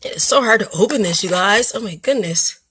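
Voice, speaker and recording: A woman hosting her own craft channel, chatting excitedly and self-deprecatingly to viewers in a casual unboxing vlog. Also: mid-range voice, normal speed. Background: people upstairs making noise.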